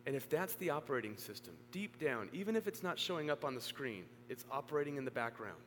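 A man preaching in a church auditorium, mid-pitched and earnest. He swells to emphatic peaks and then sinks to a hush. His voice rings with long reverb, over a faint hum. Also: sing-song, quick pace. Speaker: pastor. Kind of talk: sermon.

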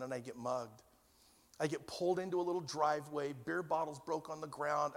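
A man in his fifties preaching a sermon, telling stories that move between loud and hushed. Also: fairly high pitch, gravelly. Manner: storytelling, swings from loud to hushed. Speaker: pastor. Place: church hall. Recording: long church reverb.

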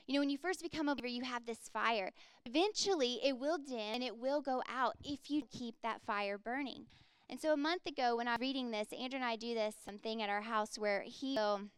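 A woman's voice: a little high, smooth, dry recording. A woman in her thirties preaching a sermon as a pastor, earnest and conversational, with frequent casual fillers.

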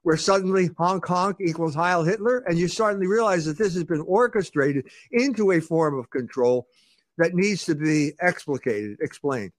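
A man on the high side speaks at normal speed with no echo as a guest in an argumentative interview. He asks rhetorical questions and often restarts, repeating words at the start of sentences.

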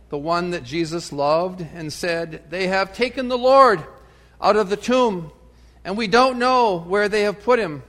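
A man preaching as pastor, reading and praying with a measured, emphatic delivery that swells and falls. His voice sits high for a man. Long church reverb trails after each phrase. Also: fairly bright tone. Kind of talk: sermon with gospel reading and prayer.

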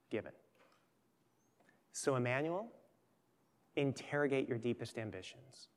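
A pastor preaching a sermon with earnest emphasis that swells and then turns quiet and intimate. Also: male voice, mid-range voice, expressive, unhurried, long pauses. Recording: long hall reverb.

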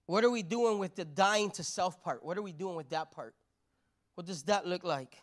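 A woman's voice: fairly low pitch, normal speed. Brief: woman preacher, chatty sermon delivery, stacks rhetorical questions, tags lines with "right?". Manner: conversational, keeps asking "right?".

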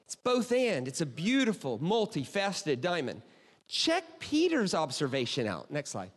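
High-voiced pastor in a reverberant hall. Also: male voice, unhurried. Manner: animated, keeps asking "right?" and "okay?". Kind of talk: sermon. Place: church auditorium.

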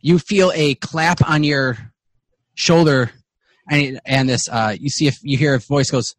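A man narrating as game master, halting with frequent restarts. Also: mid-range voice, steady tone, dry recording. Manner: halting, many fillers and restarts.

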